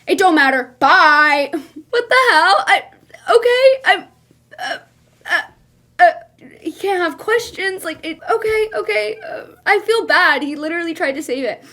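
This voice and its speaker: High-voiced, animated woman streamer. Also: moderate pace. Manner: animated, laughs often, incredulous. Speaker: streamer and content creator. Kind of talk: casual reaction commentary reading posts.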